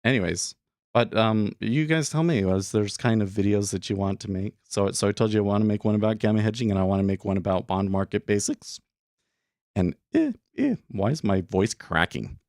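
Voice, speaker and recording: A man's voice: fairly low pitch, fairly even intonation, brisk, a little mellow, no room sound, clean studio sound. A man hosting a day trading livestream, talking casually and rambling with lots of fillers and restarts. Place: home studio room.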